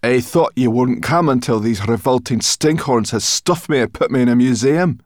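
A man's voice: mid-range voice, moderate pace, no echo, clean studio sound, voice pushed up, natural voice. A man voicing a small, impatient brownie girl who snaps and spits her words. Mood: snappish. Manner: sharp, impatient, spitting. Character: snappish little brownie girl.

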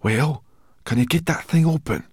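Guy narrator putting on a cranky brownie girl, higher and loud, spitting her words out, impatient. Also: normal speed, slightly rough, no echo, clean studio sound. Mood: snappish. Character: snappish little brownie girl.

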